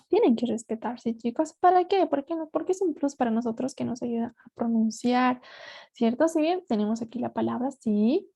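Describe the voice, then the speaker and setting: A woman's voice: on the high side, gravelly, warm tone, breathy edge. A woman teaching an online English class, coaxing students along and often asking "right?" over a video call. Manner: switches between English and Spanish, coaxing students with frequent "right?".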